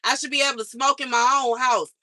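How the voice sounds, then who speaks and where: Fed-up woman vlogger ranting to camera; bright tone, repeats lines for emphasis. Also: high voice, steady tone, quick pace, dry recording. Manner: exasperated, repeats herself for emphasis. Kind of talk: angry venting monologue. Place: outside her mother's house.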